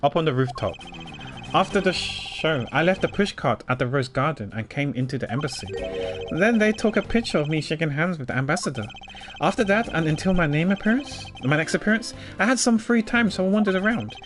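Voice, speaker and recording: A man's voice: a little high, animated, fairly quick, over music, lightly acted. A man voicing a goofy, evasive young slacker who rambles sheepishly.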